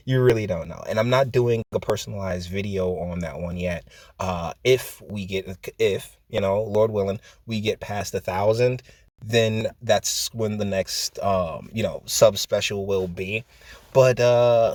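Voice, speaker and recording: A man's voice: fairly low pitch, dry recording. A man hosting his own channel, giving casual spoken commentary with lots of fillers and the odd chuckle. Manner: conversational, loose, with frequent fillers and chuckles. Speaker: channel host.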